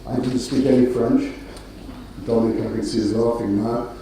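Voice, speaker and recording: A middle-aged man delivers a ceremonial address with a mellow, relaxed tone and a dry, self-deprecating wit, pausing on small fillers. His voice carries from a distance through a very echoey auditorium. A faint murmur of the room sits underneath. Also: mid-range voice, a little hiss or hum. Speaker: graduation speaker. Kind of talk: ceremonial speech. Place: large auditorium. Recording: roomy hall, distant mic, faint ambience.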